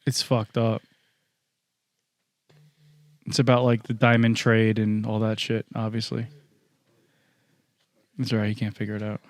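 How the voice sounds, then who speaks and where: A man's voice: fairly low pitch, monotone, a little slow, pauses often, no room sound. Laid-back man hosting a podcast, dry sound. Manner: laid-back, rambling, loose. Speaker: podcast host. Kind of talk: casual chat.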